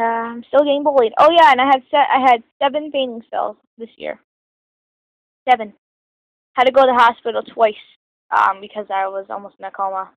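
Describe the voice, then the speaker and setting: Casting: teen girl vlogger, higher voice, rambling and halting, many ums, dry dull phone sound. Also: no echo. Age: teens. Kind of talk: casual storytelling to camera. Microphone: phone camera.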